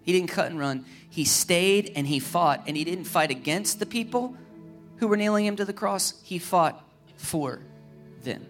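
A pastor delivers a lively, humorous sermon, hammering his points home with repeated rhetorical questions. His voice is high and his pace moderate, with soft music in the background.

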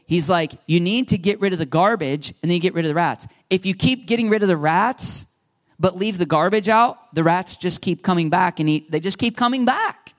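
A man preaching a sermon as pastor, lively and animated, acting out the voices he quotes. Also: high voice, brisk.

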